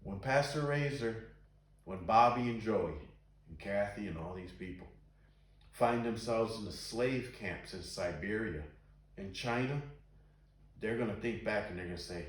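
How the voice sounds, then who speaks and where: A man leads an informal Bible study in an earnest, conversational way, stopping to read scripture aloud with emphasis. His voice sits at an ordinary middle pitch. The recording is heavily echoey, as if in a bare room. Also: lively intonation, normal speed.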